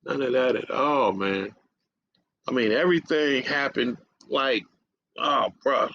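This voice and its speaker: A man's voice: mid-range voice, slow, fairly bright tone, no room sound. A man hosting a radio show, telling a casual story in profane streetwise slang and tagging lines with "man". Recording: dull lo-fi audio.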